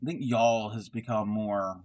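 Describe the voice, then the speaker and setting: A man's voice: on the low side, fairly even intonation, measured pace, a little mellow. A middle-aged man who hosts a crochet livestream, rambling casually as he answers chat. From Baltimore area, Maryland. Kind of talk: casual live-stream chat.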